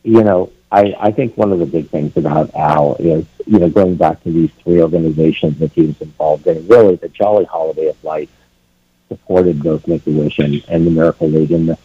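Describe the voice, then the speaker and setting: A man's voice: a bass voice, fairly even intonation, brisk, breathy edge, dry recording. A man guest on a radio talk show, speaking earnestly and casually. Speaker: event organizer guest. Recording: dry tinny phone-like line.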